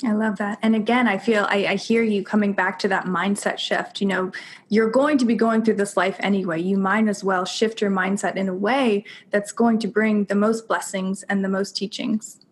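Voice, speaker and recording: A woman in her thirties hosts an interview podcast at a medium pitch. She affirms her guest warmly and moves quickly to the next question. Faint background noise sits under her voice. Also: steady tone. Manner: warm, affirming, quick responses. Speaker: podcast host. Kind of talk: interview hosting.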